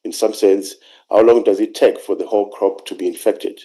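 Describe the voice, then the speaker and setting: A man presenting an academic talk over a video call, speaking in a measured, halting way with frequent pauses and fillers. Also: on the low side, fairly even intonation, dark tone, poor audio. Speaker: conference speaker.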